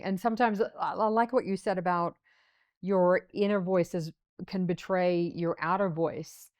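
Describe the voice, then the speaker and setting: Low-voiced woman interview host. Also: darkish tone, no echo. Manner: inquisitive, searching for words. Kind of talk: interview conversation.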